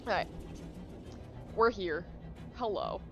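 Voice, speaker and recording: A young woman streaming from her apartment, chatting casually with viewers in a rambling, self-mocking way with quick asides. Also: medium pitch, lively intonation. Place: apartment room. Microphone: desk microphone. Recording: dry, dull lo-fi sound with faint music.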